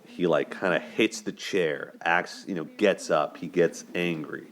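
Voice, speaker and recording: Low-voiced man giving earnest commentary. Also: fairly even intonation, unhurried, hardly any pauses. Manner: earnest, conversational, repeats words when restarting. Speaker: host discussing relationships. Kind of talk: solo video commentary.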